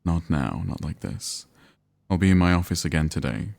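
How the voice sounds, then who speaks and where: A man reading out a grieving mother's messages in a deep voice, with formal, pleading phrasing. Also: animated, normal speed, creaky, a little mellow.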